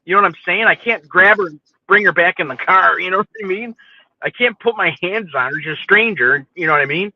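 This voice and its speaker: Guy with a higher voice telling a story, swears a lot, sounds thin like it's over a phone. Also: fairly quick, dry recording, highs cut off. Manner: profane, animated, keeps asking "you know what I mean". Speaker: podcast host telling a story. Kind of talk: casual storytelling chat.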